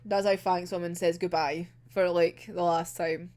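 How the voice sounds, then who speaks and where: A woman giving an emotional, excitable casual recap of a manga volume, swearing and acting out characters' lines. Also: fairly low pitch. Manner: emotional, swearing, laughing and groaning over the story; acts out characters' lines in quick quoted asides. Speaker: manga reviewer.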